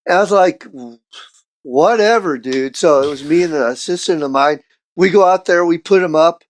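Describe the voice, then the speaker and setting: A middle-aged man, a street artist guest on a podcast, telling stories in a casual, profane, animated way and acting out what people said. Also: a little high, moderate pace. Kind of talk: casual storytelling chat.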